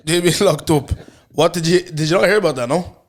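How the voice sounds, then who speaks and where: Irish man telling a lively story. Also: a little high. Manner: animated, laughs often, acts out quotes. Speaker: podcast host. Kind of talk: casual storytelling chat.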